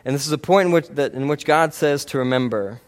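A fast-talking man with a fairly high pitch delivers a sermon. Earnest and conversational, he often turns to the congregation with "right?" and tends to restart what he's saying.

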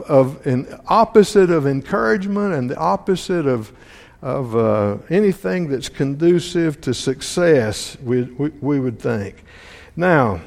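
Guy preaching slow, lots of questions to the room, gravelly voice, big hall echo. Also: fairly high pitch, darkish tone. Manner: asks the congregation many questions; halting, repeats words and restarts. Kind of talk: sermon, reading and explaining scripture. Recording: long hall reverb.

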